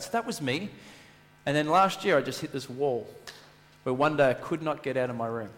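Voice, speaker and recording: Speaking a little fast in a mid-range voice, this married pastor delivers a sermon full of lively stories and acted-out voices. He leans on repetition for emphasis, and the church hall lends a long, lingering reverb.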